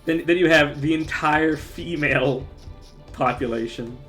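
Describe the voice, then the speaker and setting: A man's voice: on the high side, measured pace, fairly bright tone, soft background music. A man streaming live, chatting casually, often breaking into laughter and restarting his sentences.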